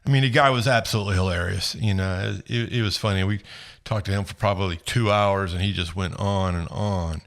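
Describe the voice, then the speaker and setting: Man, podcast co-host, gravelly, lowish voice, rambling casual storytelling. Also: steady tone, brisk. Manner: rambling, laughs at his own stories.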